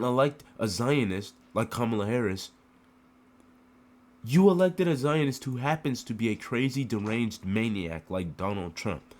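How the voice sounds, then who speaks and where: A man's voice: medium pitch, lively intonation, measured pace, darkish tone. A man from the United States giving an emotional political rant to the camera, full of rhetorical questions and repeated phrases.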